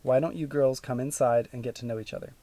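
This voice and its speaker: A man voicing a calm, gentle mother in an audiobook, speaking softly and steadily. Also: mid-range voice, fast, close to an everyday voice. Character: gentle worried mother, middle-aged woman.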